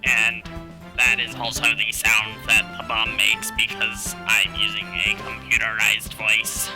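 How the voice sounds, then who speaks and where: A man putting on a slow, monotone computerized robot voice. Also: on the low side, creaky. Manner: slow, monotone, mechanical delivery. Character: flat-talking computerized robot voice. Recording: game music playing behind.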